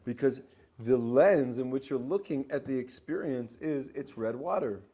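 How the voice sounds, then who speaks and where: A male coach speaks in a middle-pitched voice and teaches spiritual ideas to a small group. He talks in an animated way, repeats phrases as he goes, and now and then acts out the inner voice of a listener. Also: normal speed, slightly rough. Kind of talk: teaching talk.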